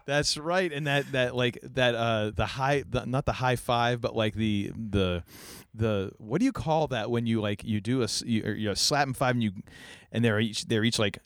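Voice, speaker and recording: A male podcast host chats in a rambling, excited way and restarts his sentences often. His voice is mid-pitched and the sound is dry. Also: normal speed, no echo. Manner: rambling, enthusiastic, many restarts. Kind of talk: casual chat.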